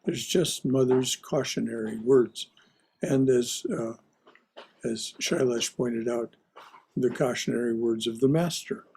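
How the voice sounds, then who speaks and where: A man guiding a discussion class, taking his time over each phrase. His voice has a soft, husky edge. He speaks slowly and thoughtfully, with frequent pauses. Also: medium pitch, fairly even intonation. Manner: slow, thoughtful, hesitant. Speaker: class teacher.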